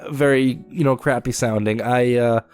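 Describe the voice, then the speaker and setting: A man's voice: medium pitch, fairly even intonation, normal speed, darkish tone, clear, resonant tone, soft background music. A young man with a congested, sore-throated voice, chatting casually as he hosts a let's-play of a game. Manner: rambling, chatty, many filler words. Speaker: gaming channel host.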